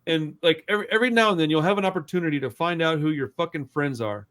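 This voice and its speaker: A young man co-hosting a podcast, telling a story in a loose, profane, animated way and acting out the quotes. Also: a little high, quick pace. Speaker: podcast co-host. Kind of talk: casual storytelling chat.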